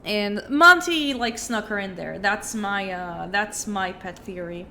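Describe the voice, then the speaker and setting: A woman's voice: medium pitch, a little slow, pushed and bright, a little hiss or hum. A woman streamer with a cold, chatting through a story game and thinking aloud with many fillers. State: has a cold. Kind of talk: casual game playthrough commentary.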